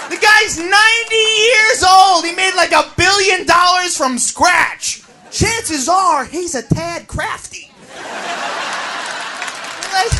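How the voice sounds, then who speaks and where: A man doing profane stand-up comedy on a live stage, ranting loudly. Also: very high voice. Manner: profane, loud ranting delivery. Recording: live stage audio with crowd noise.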